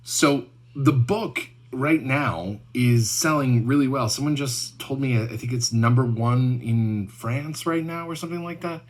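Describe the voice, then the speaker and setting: A young adult male host wrapping up his show with a casual donation appeal. His tone is relaxed and self-deprecating, with plenty of asides. His voice sits at an ordinary mid-range pitch. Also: measured pace, hardly any pauses. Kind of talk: casual closing remarks and fundraising appeal.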